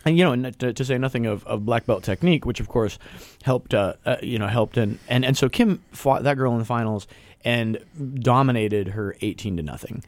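At mid-range pitch and a slightly fast clip, with no echo, a man runs a casual local radio show. He's loose and rambling, frequently restarting and laughing easily.

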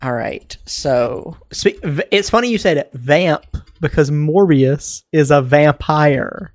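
A man's voice: a little high, slow. Chatty young man, laughing podcast co-host. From Baltimore. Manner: laughs often, rambling with fillers. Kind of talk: casual podcast chat.

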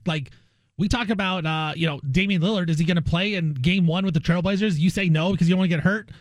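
Man, sports radio host, casual chat, jokey storytelling, fairly high voice, dry studio sound. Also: quick pace, no echo.

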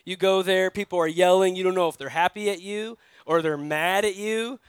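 High-voiced pastor from New York. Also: male voice, steady tone, normal speed, clear, resonant tone, dry recording. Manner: conversational storytelling, asks the listeners directly. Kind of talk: sermon.

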